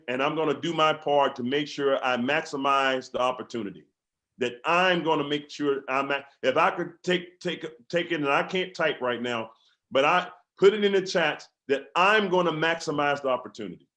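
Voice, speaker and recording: A man's voice: on the high side, moderate pace, fairly bright tone. A man, a company field leader, giving a fervent motivational speech on a video call, repeating his exhortations and stumbling into restarts.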